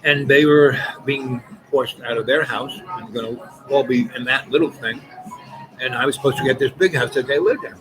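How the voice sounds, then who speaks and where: A man's voice: medium pitch, rough recording. Man rambling a story over music. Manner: halting, many restarts and repeated words. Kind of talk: rambling personal anecdote. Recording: voice over clear background music.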